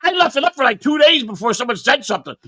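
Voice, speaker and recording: A man in casual podcast chat, loud, profane and quick to blow up in anger. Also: extremely high pitch, sing-song. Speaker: podcast guest.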